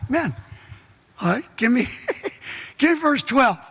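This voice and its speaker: A middle-aged man preaching a sermon as pastor, folksy and joking, bursting into shouts. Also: very high voice, very animated, takes it slowly, husky. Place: large church hall. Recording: echoey church hall.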